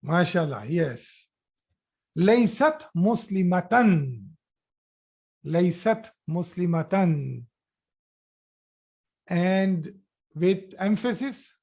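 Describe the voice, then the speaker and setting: A man's voice: high-pitched, expressive, extremely slow, vocal fry, pauses often, a little mellow. A man teaching a grammar class online, repeating each phrase and praising students' answers. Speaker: Arabic teacher.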